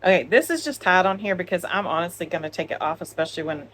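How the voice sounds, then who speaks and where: Talking fast with lively intonation, the woman has a fairly low pitch and a fairly bright tone, plus a little hiss or hum. She's a crochet channel co-host in a laughing, jokey, casual chat filmed at home on a phone.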